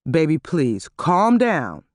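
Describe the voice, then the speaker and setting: A woman narrator voicing a panicked, sweating man who pleads in a shrill, desperate voice. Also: very animated, slow pace, dry recording, studio quality, full character voice. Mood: pleading. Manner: shrill and high-pitched.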